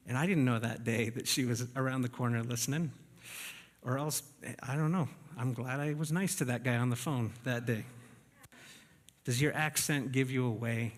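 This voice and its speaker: A man preaching a sermon to his congregation in a church, conversational and often checking in with the room. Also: medium pitch. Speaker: pastor. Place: church sanctuary. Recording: reverberant church hall.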